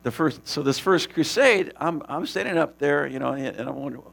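A man casually telling the story of a preaching mission, animated and laughing, with many restarts. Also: a little high, fairly quick, creaky.

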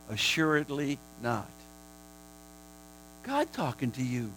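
A man preaching a sermon, repeating phrases for emphasis and swinging between a hushed, prayerful murmur and high, shouted declarations. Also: sing-song, unhurried, gravelly, long pauses, low-quality recording.

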